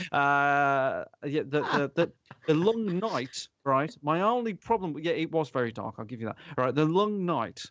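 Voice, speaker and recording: A man's voice: on the high side, normal speed, no echo. Sweary man ranting on a podcast. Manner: animated, sweary, rambling. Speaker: podcast host. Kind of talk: casual podcast chat. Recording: dull lo-fi sound.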